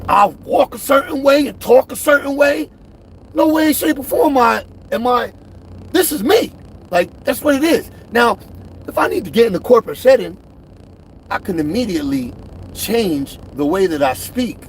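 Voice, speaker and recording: Middle-aged male vlogger, emphatic and lively, repeats his points. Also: extremely high pitch, normal speed, a little hiss or hum. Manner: emphatic, repeats himself, swings between loud and quiet. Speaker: truck driver vlogger. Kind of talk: direct-to-camera rant.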